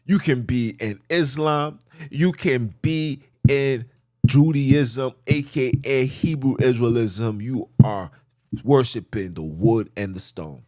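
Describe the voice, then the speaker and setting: A man hosting a podcast, giving a preacherly religious teaching in casual slang, repeating phrases and swinging from loud emphasis to quiet muttering. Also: mid-range voice, slow pace, dry recording, clean studio sound. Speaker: podcast host.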